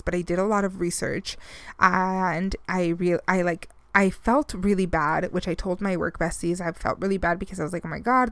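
A woman's voice: fairly low pitch, no echo. Chatty woman podcast host, dry sound. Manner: chatty storytelling, many fillers, laughs often. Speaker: mother. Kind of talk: casual chat.

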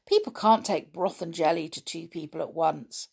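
A woman's voice: lowish voice, moderate pace, vocal fry, darkish tone, breathy edge. A woman voicing a mischievous, scheming male bunny in a children's storybook, cheeky and wheedling.

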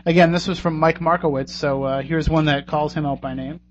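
A man's voice: on the high side, fairly even intonation, a little fast, slight background noise. A man hosting a radio talk show in a casual, joking, conversational way. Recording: dull lo-fi radio recording.

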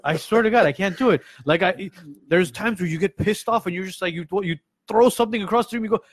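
A man with a high, husky voice talks candidly in relaxed conversation and swears freely. The recording is dry and close, with no room sound. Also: fast, no echo. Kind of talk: casual chat.

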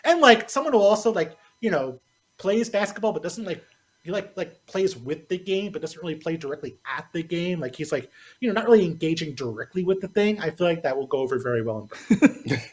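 A man's voice: a little high, lively intonation, fairly quick. A man talking casually about basketball on a sports podcast, rambling and self-deprecating.

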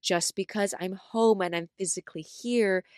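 A young adult woman co-hosting a podcast in casual chat, full of fillers like "like" and "right?", telling stories with lively acted-out quotes. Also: moderate pace, no room sound, clean studio sound. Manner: animated storyteller, acts out quotes with big pitch jumps. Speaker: podcast co-host.

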